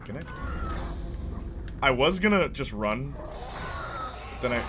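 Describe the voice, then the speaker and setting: A man's voice: medium pitch, sing-song, unhurried, pauses often, very noisy. A young man casually commenting on his gameplay. He laughs often, talks in slang and mocks the lines by putting on voices. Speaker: let's play host.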